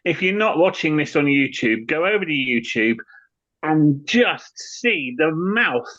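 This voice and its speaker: A man's voice: a little high, lively intonation, a little slow, fairly bright tone. Playful man on a dull lo-fi line. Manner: playful, chatty. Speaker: podcast co-host. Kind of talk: casual chat.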